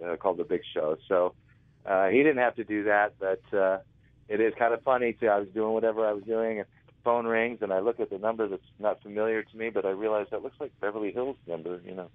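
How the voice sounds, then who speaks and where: Low-voiced man on a tinny phone line. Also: steady tone, fast, dry recording. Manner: rambling anecdotes with frequent self-corrections. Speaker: interview guest, author. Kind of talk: casual storytelling.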